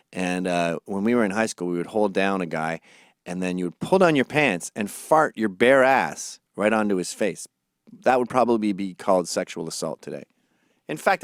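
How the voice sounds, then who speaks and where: On his comedy podcast, a man from Scotland tells crude stories with lots of energy, mimicking the voices of other people. His voice sits on the low side, and the studio sound is clean with no echo.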